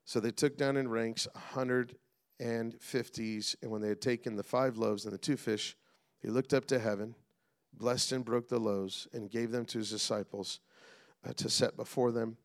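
A middle-aged man preaching a sermon as pastor, calling out to the congregation and swinging between loud and hushed delivery. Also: medium pitch, steady tone, moderate pace.

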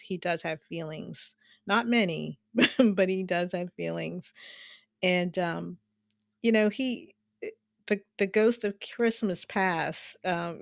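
A woman's voice: lowish voice, vocal fry, no room sound, clean studio sound. A woman hosting a casual film review, chatty and rambling, laughing often between fillers.

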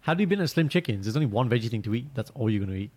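Animated man telling a story. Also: medium pitch, very fast, breathy edge. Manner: animated storyteller, acts out quotes. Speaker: podcast co-host. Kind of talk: casual chat.

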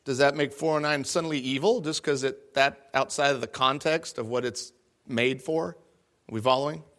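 Bright, animated young man telling a story. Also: mid-range voice, moderate pace. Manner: animated, jokey, acts out his own lines. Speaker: guest speaker. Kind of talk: storytelling talk to an audience.

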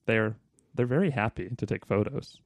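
A man with a lowish voice co-hosts a casual podcast, chatting playfully at a moderate pace and reading aloud from a book. He puts on voices for the quotes, and the recording has no room sound.

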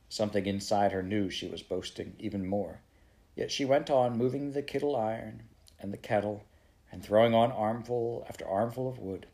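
A man reading a children's novel aloud in a steady storytelling manner. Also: on the low side, moderate pace. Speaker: audiobook reader.

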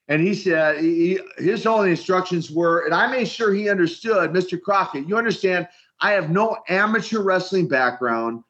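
An older man telling long stories in an interview, his voice on the higher side for a man. He is animated and often repeats words as he gets going, and the sound comes through a bit dull and lo-fi. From Minneapolis, Minnesota. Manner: animated storyteller, repeats words while starting sentences. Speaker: retired wrestler guest. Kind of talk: storytelling interview.

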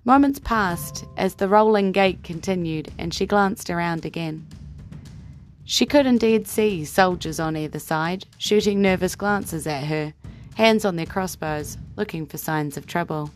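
A woman with a New Zealand accent who hosts a podcast and narrates an improvised tabletop game as the game master. She tells the story in a relaxed way. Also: lowish voice, unhurried, faint music behind.

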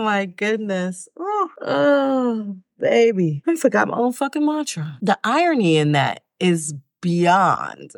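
A woman's voice: fairly low pitch, expressive, normal speed, few pauses, no echo, clean studio sound. A woman hosting her own self-help podcast, speaking frankly and emphatically and swearing freely. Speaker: podcast host.

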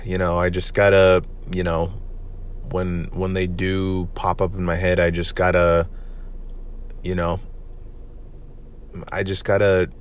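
Slow and monotone, with long pauses, a young man's low-pitched voice comes through in a clean tone. He's hosting a solo confessional podcast, candid and rambling, full of "man" and "you know."

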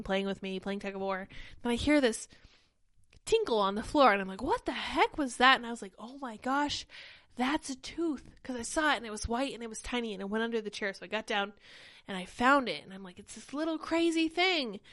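Young woman host, casual stream chat, slightly higher voice, a bit breathless, dry close sound. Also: a little fast, no room sound. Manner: chatty, animated, reads chat comments aloud. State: short of breath. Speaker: podcast host. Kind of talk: casual livestream commentary.

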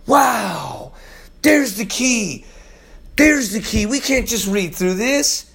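A man preaching an informal Bible-study sermon, swinging between loud exclamations and low, quiet murmurs. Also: very animated, takes it slowly, creaky, slightly rough.

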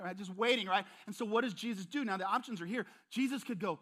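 A man's voice: high-pitched, lively intonation, brisk, hardly any pauses, fairly bright tone. A male pastor preaching a sermon, emphatic and repetitive, often speaking straight to his listeners.

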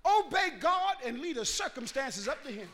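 A man preaching a sermon, swinging between hollering and hushed pleading and calling on the congregation to answer back. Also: very high voice, very animated, moderate pace. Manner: call-and-response with the congregation.

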